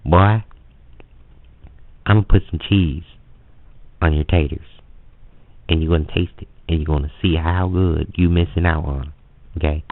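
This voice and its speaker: A gruff, bossy uncle with a thick put-on Southern US drawl barks orders at a kid, as a man puts him on. The voice is deep and gravelly. It comes through a thin, phone-like line. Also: steady tone, moderate pace, long pauses. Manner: scolding, bossy, calls the kid "boy". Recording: phone-like lo-fi audio.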